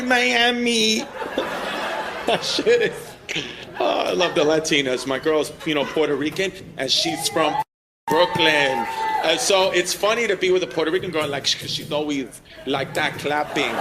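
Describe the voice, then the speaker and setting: A man doing teasing, brash crowd work as a stand-up comedian on a club stage, laughing along at his own jokes. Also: high-pitched. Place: club stage with live audience. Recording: live club audio with crowd and noise. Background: audience laughter.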